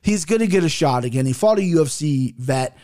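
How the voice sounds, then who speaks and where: A man talking on his own into a desk mic, in a loose, unscripted commentary style. His voice sits a little higher than most men's, and he is blunt and opinionated, cursing freely as he gives his verdicts. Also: lively intonation, brisk, a little mellow. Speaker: podcast host reviewing fights. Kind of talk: casual solo commentary. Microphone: headphones and desk mic.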